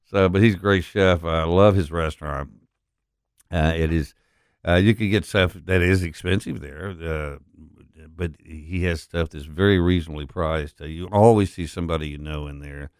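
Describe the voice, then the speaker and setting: Deep-voiced radio host, rambling. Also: male voice, clear, resonant tone, no echo, clean studio sound. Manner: rambling, folksy, many filler pauses. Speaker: radio talk show host. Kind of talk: talk radio monologue. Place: radio studio. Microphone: studio broadcast mic.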